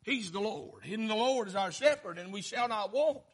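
A man preaching a fervent sermon, swinging from shouted lines down to low, quiet ones. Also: animated, normal speed, breathy edge.

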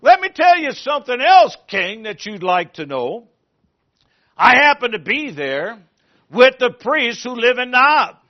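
A man's voice: very high voice, big pitch swings, a little slow, full character voice. A man voicing a sly servant eagerly informing on others to the king. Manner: sly, tattling. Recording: muffled lo-fi recording.

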